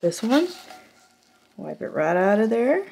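A woman's voice: mid-range voice, measured pace, vocal fry, a little hiss or hum. A woman with a put-on American country twang, reviewing cookware in a jokey, chatty way at a home kitchen counter. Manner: jokey, animated, laughing asides. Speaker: product reviewer vlogger. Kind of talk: casual chatty product test.

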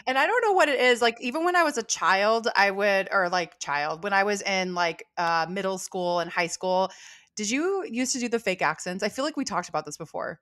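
A woman's voice: mid-range voice, animated, a little fast, fairly bright tone, no echo, clean studio sound. A woman hosting a casual chat as a salon owner, bubbly and chatty and laughing often. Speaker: podcast host and salon owner.

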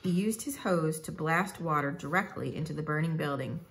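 Low gravelly woman reading a storybook. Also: moderate pace, slight background noise. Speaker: narrator. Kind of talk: storybook read-aloud.

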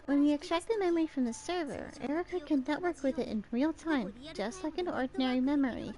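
High-voiced woman streamer reading game lines. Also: fast, warm tone. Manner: reads dialogue in several voices between casual asides. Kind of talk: reading game dialogue aloud on a live stream.

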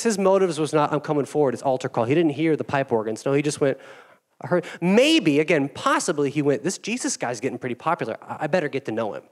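A young man preaching a casual, conversational sermon as a church pastor, chatty and self-deprecating, often acting out quoted voices. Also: medium pitch.

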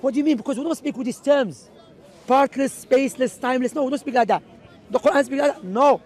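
Male street preacher, notably high-pitched, emphatic and argumentative, park debate with faint crowd. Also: fairly quick, darkish tone. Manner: emphatic, argumentative, mixing in religious Arabic phrases. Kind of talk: impromptu outdoor debate. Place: outdoors in a city park.

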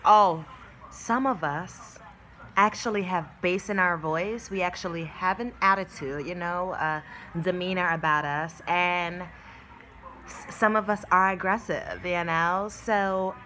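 Woman vlogger with a bright, punchy voice. Brash and sassy, curses and laughs easily. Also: fairly low pitch, measured pace, slight background noise. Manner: brash, sassy, swears freely and laughs mid-sentence. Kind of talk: casual talk to camera. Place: at home in a new place.

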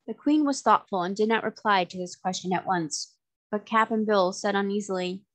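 A woman tutor reading a storybook chapter aloud in a clear, measured way. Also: medium pitch.

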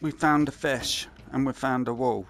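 A man's voice: mid-range voice, steady tone, normal speed, fairly bright tone. A man giving casual, sweary commentary while playing a game and muttering to himself. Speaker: gameplay commentator. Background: game music.

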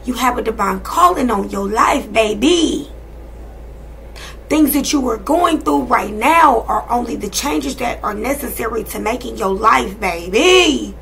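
A woman in her thirties talks her viewers through a casual tarot reading. Her voice is strongly gravelly and bright, set a little high. She speaks bluntly and sassily, with constant profanity. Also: lively intonation, a little slow, slight background noise. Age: 30s. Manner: blunt, profane, sassy and emphatic. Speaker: tarot and energy reader.

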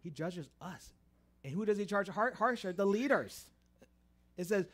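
A middle-aged man preaching a sermon. He tells stories with many restarts, rising loud for emphasis and dropping soft. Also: high-pitched, lively intonation, fairly quick.

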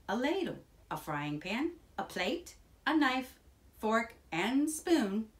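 A woman reading a children's picture book aloud in a slow, expressive, sing-song way. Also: mid-range voice. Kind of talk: children's storybook read-aloud.

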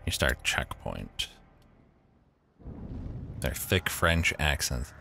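Deep-voiced, wry streamer. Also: male voice, lively intonation, extremely slow, gravelly, sharp tone. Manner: wry, joking, laughs often. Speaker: streamer playing a game. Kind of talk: casual live-stream commentary. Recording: game music playing behind the voice.

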